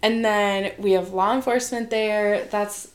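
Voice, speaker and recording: A young woman from Wisconsin talks in a relaxed, chatty way as she co-hosts a podcast. She is frank and laughs easily. Her voice sits at a middle pitch. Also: a little slow. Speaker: podcast host, social worker. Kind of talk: casual podcast chat.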